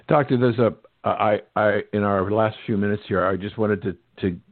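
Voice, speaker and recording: A male radio talk show host interviewing a guest, measured and polite, setting up questions with anecdotes. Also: lowish voice, steady tone, no echo. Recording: phone-like narrow band, dry.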